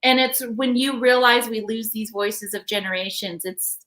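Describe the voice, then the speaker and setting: Chatty animated woman podcast host. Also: fairly high pitch, moderate pace. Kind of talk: casual live-stream chat.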